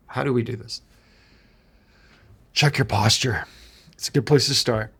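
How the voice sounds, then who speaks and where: Guy coaching men on relationships, gravelly husky voice, earnest and direct. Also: medium pitch, normal speed, long pauses, fairly bright tone. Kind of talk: motivational monologue.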